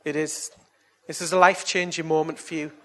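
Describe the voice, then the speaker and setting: A man's voice: on the high side, level tone, fairly quick, pushed and bright. A man preaching, telling stories in a chatty way and coaxing his listeners with earnest appeals. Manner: chatty, anecdotal storytelling. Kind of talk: evangelistic sermon and altar call.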